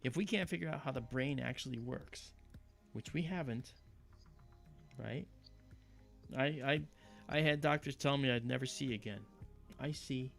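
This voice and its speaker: A man hosting a livestream, talking casually and telling animated stories with quoted voices. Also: medium pitch, unhurried, vocal fry, pauses often, soft background music. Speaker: livestream host.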